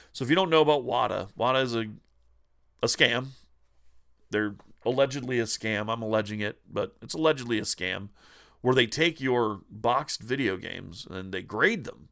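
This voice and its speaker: Gravelly guy ranting gaming news, swears a ton, sarcastic, mid pitch. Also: a bit bright. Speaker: retro gaming channel host.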